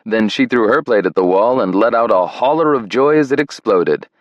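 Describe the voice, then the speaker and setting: Guy narrating a romance audiobook, low voice, measured and tender, dry close sound. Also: expressive, dry recording, muffled recording. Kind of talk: scripted narration.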